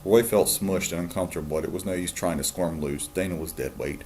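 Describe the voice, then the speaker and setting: A man, a teacher, calmly reading a novel aloud to his students. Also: low-pitched, a little fast, a little hiss or hum. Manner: calm, steady storytelling.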